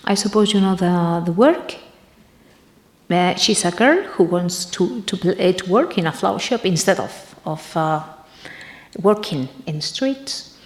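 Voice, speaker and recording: Woman giving a halting talk, echoey room. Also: lowish voice, expressive. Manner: halting, searches for words. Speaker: conference presenter. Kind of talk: academic conference talk.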